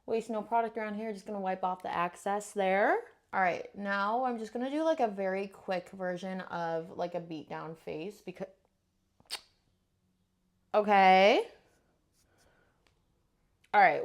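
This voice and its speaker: A woman's voice: mid-range voice, a little slow, pauses often. A young woman chatting casually through a makeup tutorial at home, playful and slangy, self-deprecating, full of "like" and "um". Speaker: makeup vlogger.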